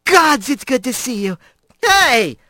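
A lively female fisher from a spoken storybook, teasing and scolding in a high, bright, far-swinging voice, as a male narrator puts her on. Her pitch sits well above the narrator's own. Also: takes it slowly, no room sound, studio quality, exaggerated voice.

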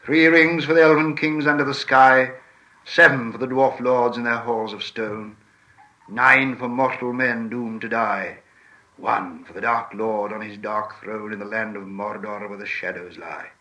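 A man's voice: medium pitch, fairly even intonation, pushed and bright. Old recording of a man reading as a grave old wizard. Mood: solemn. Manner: measured, solemn reading. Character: ancient wise male wizard, grave. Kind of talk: archival reading aloud. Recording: old lo-fi archive recording, distant.

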